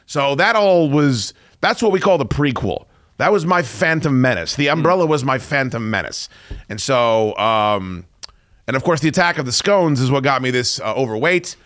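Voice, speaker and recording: A man's voice: mid-range voice, animated, normal speed, fairly bright tone, no echo, clean studio sound. A man in his forties hosting a radio show, telling a story in a profane, self-mocking rant. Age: 40s. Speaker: radio host. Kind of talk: casual on-air storytelling.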